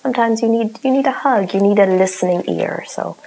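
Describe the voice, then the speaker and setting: A woman in her thirties, a mother, telling a parenting story in a casual, reflective way, often softening into a breathy half-whisper. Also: mid-range voice, brisk, a little hiss or hum, poor audio. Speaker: parent sharing a parenting tip.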